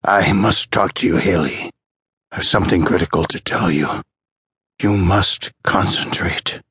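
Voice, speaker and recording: A man's voice: low-pitched, unhurried, fairly bright tone, breathy edge, dry recording, clean studio sound, heavily acted. A man voicing a frantic old male patient who pleads urgently in an audiobook.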